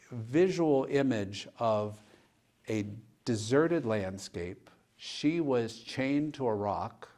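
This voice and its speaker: A man's voice: medium pitch, a little mellow. Male pastor, mid-range voice, easygoing storyteller for a church panel. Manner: conversational, retells dialogue with "and she goes". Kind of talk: personal storytelling in a panel discussion.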